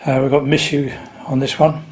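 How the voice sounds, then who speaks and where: A man's voice: mid-range voice, level tone, moderate pace. A man talking casually and unhurriedly to camera about his record collection, with dry little asides.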